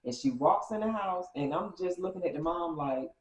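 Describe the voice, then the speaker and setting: A woman vlogger telling a story in a casual, animated way, acting out quotes with big jumps in pitch. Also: moderate pace, roomy sound, highs cut off.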